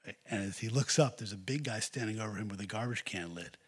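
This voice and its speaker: A man's voice: fairly low pitch, fast talker, husky. A man preaching a sermon as pastor, earnestly exhorting the congregation.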